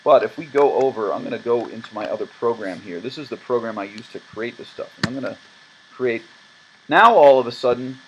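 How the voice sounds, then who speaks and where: Male music teacher, mid-pitched voice, counts beats aloud with stress, laptop mic with faint fan hiss. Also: a little fast, lo-fi sound. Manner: counts rhythms aloud with emphasis, relaxed and reassuring. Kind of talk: screen-recorded lesson explanation. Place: room at a laptop. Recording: laptop fan noise behind.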